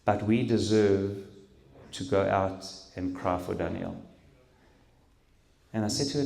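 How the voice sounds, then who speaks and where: A middle-aged man giving an emotional personal testimony at a talk, speaking haltingly with pauses and restarts. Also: on the low side, vocal fry, a little mellow. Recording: roomy hall echo.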